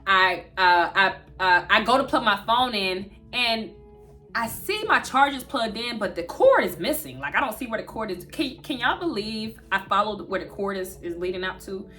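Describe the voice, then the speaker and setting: A woman, telling a storytime vlog straight to her viewers in an animated way. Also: mid-range voice, normal speed, faint music behind. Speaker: vlogger.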